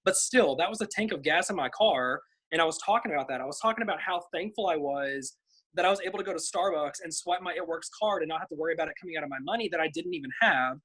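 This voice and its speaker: Bubbly young woman, husky voice. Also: low voice, quick pace, fairly bright tone, low-quality recording. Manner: bubbly, chatty, full of fillers. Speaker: team member sharing tips. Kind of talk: casual group video call. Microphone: video call.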